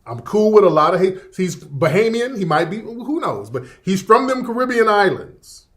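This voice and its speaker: A man's voice: sits high, big pitch swings, moderate pace, a bit bright. A man in a casual livestream rant, emphatic and profane, repeating his points over and over. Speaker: livestream commentator.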